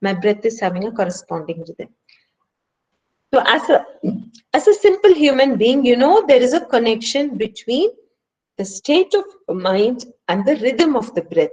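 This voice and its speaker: A woman's voice: a little high, sing-song, moderate pace, a little mellow, rough recording. A woman with an Indian English accent leading a stress management workshop and speaking earnestly, with emphatic rhetorical questions. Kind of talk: online workshop lecture. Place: home, speaking remotely.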